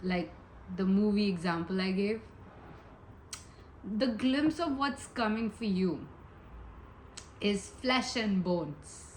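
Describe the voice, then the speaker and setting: A woman's voice: medium pitch, animated, slow pace, pauses often, darkish tone, a little hiss or hum, rough recording. A woman giving a casual pick-a-pile tarot reading, chatty and giggly, rambling with many asides. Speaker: tarot reader.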